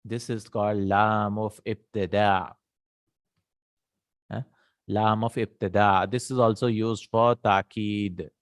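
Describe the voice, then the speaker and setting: Guy teaching arabic grammar, lowish voice, keeps asking right?, dry mic. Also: fairly even intonation, no room sound. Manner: explains slowly, repeats terms, asks "right?". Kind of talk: recorded grammar lesson.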